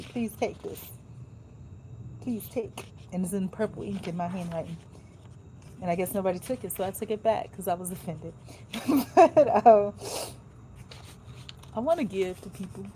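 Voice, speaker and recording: A woman's voice: medium pitch, dark tone, a little hiss or hum, rough recording. A woman in a casual vlog who reads a children's book aloud and chats between pages, with colloquial, joking asides. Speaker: vlogger. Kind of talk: casual chat and reading aloud.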